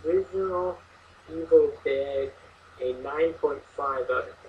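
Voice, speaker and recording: A man chatting excitedly about horror films, laughing often and using lots of fillers. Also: a little high, unhurried. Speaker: co-host reviewing horror films. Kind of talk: casual chat. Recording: distant mic, muffled, faint hiss.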